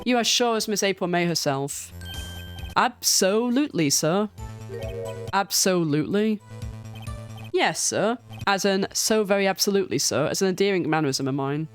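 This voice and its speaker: A woman voicing a prim, fawning male hotel bellboy who speaks formally and drops to a lower pitch on each "sir", read aloud over a game. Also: animated, a little fast, hardly any pauses, soft background music, natural voice. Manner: formal and deferential, ends lines with a low "sir".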